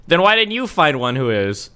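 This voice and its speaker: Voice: mid-range voice, pushed and bright. A streamer talks over a video in casual commentary, with a voice that swings widely up and down. The delivery is sarcastic and profane, mocking what is being played.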